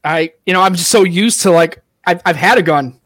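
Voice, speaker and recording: A man hosting a podcast, chatting casually and telling animated, profane stories. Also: sits high, a little fast, no echo. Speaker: podcast host. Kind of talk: casual chat.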